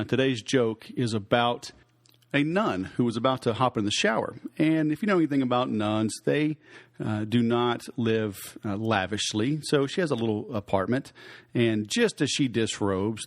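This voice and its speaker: A man with an American accent hosting a sales podcast, upbeat and chatty, with lots of fillers and a joke. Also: medium pitch. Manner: upbeat, filler-heavy, tells jokes. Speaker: podcast host.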